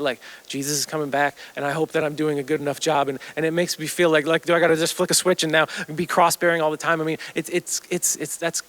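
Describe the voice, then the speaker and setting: Male pastor with a higher voice, conversational sermon delivery, hushed and slow on key lines. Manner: conversational, fast asides with restarts and fillers; slows and drops to near whisper on key lines.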